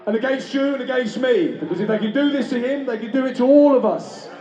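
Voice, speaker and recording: A man's voice: extremely high pitch, fast, mellow. A man giving an impassioned speech at an outdoor rally. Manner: chanting, impassioned, self-deprecating. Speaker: rally speaker. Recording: distant, echoey, dull PA sound in a street. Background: crowd noise.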